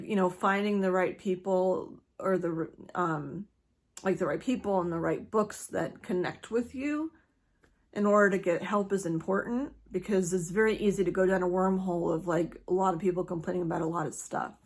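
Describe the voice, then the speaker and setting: A woman's voice: lowish voice, moderate pace, a little mellow. Frank, rambling woman vlogging. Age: adult, not yet menopausal. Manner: rambling, self-interrupting, swears and laughs through frustration. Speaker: vlogger sharing her cancer journey. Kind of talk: candid personal vlog.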